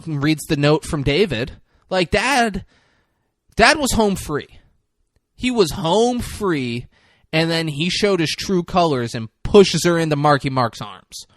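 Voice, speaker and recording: A man hosting a podcast, casually recapping a movie scene by scene with lively, profane storytelling. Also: on the high side, measured pace, no echo, studio quality. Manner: animated storytelling, swears freely, acts out characters' lines. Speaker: podcast host.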